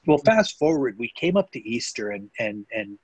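Husky-voiced male missionary telling stories. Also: medium pitch, big pitch swings, moderate pace, a little mellow, no echo, rough recording. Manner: earnest, meandering, with frequent restarts. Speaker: missionary guest. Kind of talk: storytelling in a podcast interview.

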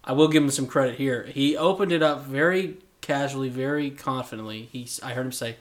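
A man's voice: mid-range voice, a little fast. Male co-host, dry teasing storyteller with a conversational feel. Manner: teasing, wry narration. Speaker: podcast co-host. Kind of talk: casual chat.

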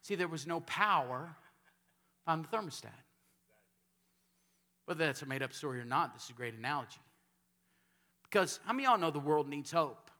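A man from Texas, a pastor preaching a sermon in a church sanctuary, telling stories and building up to shouted calls for amens. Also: a little high, lively intonation, fairly quick, pauses often.

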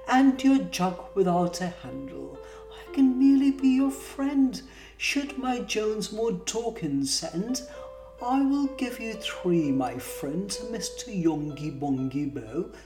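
Brief: woman voicing a prim, kind but firm lady, animated sing-song verse, echoey distant mic, guitar behind. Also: lowish voice, full character voice.

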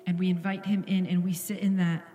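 A woman's voice: lowish voice, flat delivery, brisk, warm tone, echoey room, in a large hall, highs cut off, faint music behind. A woman pastor giving an earnest, intimate sermon in a church, at times dropping to a whisper. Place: church sanctuary.

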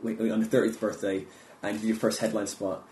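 A man hosting a casual interview with another comedian, murmuring short agreements and asking gentle questions. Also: on the low side, flat delivery, moderate pace, roomy sound, slight background noise. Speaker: comedian host.

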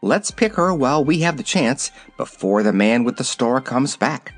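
A man's voice: mid-range voice, animated, normal speed, faint music behind, natural voice. A man reading aloud, voicing an eager, brave young girl in an earnest way.

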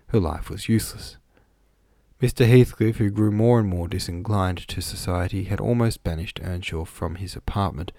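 A man narrating a classic novel in a steady, measured storytelling voice. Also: low voice, dry recording, clean studio sound. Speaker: audiobook narrator. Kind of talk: scripted narration.

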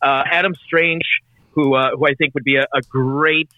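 A man's voice: a little high, steady tone, normal speed, no echo. A man co-hosting a casual podcast chat, reading out lists with many hesitations. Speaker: podcast co-host. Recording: tinny phone-like line.

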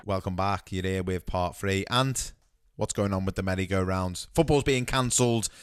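A man's voice: sits low, moderate pace, smooth, dry recording, studio quality, soft background music. A man hosting a casual football podcast, joking, swearing and cutting in on his co-hosts. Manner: jokey, interrupts, swears. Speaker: podcast host. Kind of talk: casual chat.

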